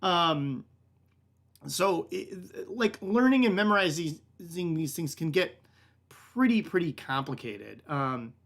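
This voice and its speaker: A man's voice: fairly high pitch, expressive, takes it slowly, fairly bright tone. A man hosting a casual online wine lesson, rambling and laid-back, full of "like" and "um", calling his listeners "man". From United States. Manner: rambling and filler-heavy, lots of "like", "kinda" and "um". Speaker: wine shop director hosting a tasting class.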